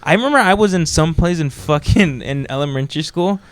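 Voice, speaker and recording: A young man hosting a loose, casual podcast chat, swearing freely and laughing easily. His voice sits a little high for a man. The sound is dry and close, with no room around it. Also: fairly quick, clean tone, dry recording. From raised speaking Spanish in the US. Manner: relaxed, profane, laughs often. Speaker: podcast host.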